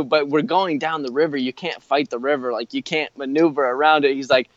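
Young man, casual chat, animated storyteller, slightly high voice, dull dry recording. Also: fairly quick, no room sound. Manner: animated storyteller, lots of "like", laughs mid-sentence. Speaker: guest telling a travel story.

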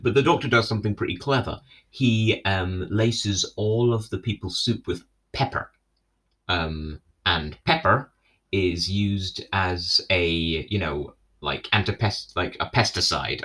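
A young man with a fairly low voice recaps a TV episode in a loose, rambling way. He leans on fillers and tacks on a questioning "right?" as he goes. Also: a little slow, sharp tone. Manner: rambling, filler-heavy, keeps asking "right?". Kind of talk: casual retelling of a TV episode.

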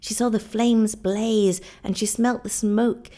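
A woman narrating an audiobook in a dramatic, expressive storytelling manner. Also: fairly high pitch, slow pace.

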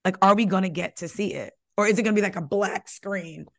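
A young woman hosting a casual gossip podcast, animated and emphatic, with lots of "like" in her speech. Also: mid-range voice, quick pace. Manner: animated, emphatic, says "like" a lot. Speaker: podcast host. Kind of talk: casual pop-culture gossip chat.

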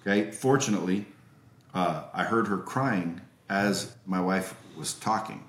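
A man's voice: low-pitched, measured pace, fairly bright tone, slight background noise. Emphatic swearing man in a roomy echo. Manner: emphatic, swears freely, many restarts. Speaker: podcast guest. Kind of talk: casual storytelling. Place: at home with children nearby. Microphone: remote call.

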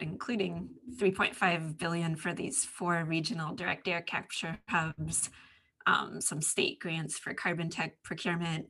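Bright husky-voiced woman co-host. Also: lowish voice. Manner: plain-spoken, asks basic questions. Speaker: podcast co-host. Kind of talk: casual conversational interview.

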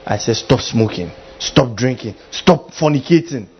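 A man preaching a sermon as pastor, animated and full of mimicry, with a husky voice. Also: mid-range voice, unhurried, lo-fi sound, a little hiss or hum.

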